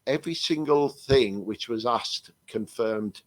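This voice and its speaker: A man's voice: medium pitch, measured pace, no echo. An English man, a psychic medium, telling rambling stories with many restarts in a casual chat over a video call. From England.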